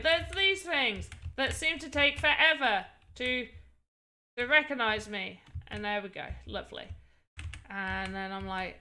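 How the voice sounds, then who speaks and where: A woman's voice: fairly high pitch, lively intonation, moderate pace, bright, forceful tone. A woman streaming as she builds a game, thinking aloud and exclaiming at what happens on screen. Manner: thinks aloud while testing her game. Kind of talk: casual live-stream chat.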